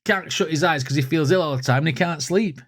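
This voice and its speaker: A man's voice: on the high side, a little fast, fairly bright tone. A man hosts a music reaction video, breaking down lyrics with chuckles and enthusiasm. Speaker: music reaction channel host. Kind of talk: casual reaction commentary.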